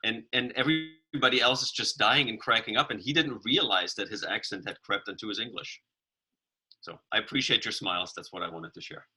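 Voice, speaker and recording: A man's voice: on the low side, brisk, bright, forceful tone, husky, rough recording. A man on a video call sharing reflections and a story in a casual online meeting, often restarting his sentences. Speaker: meeting participant.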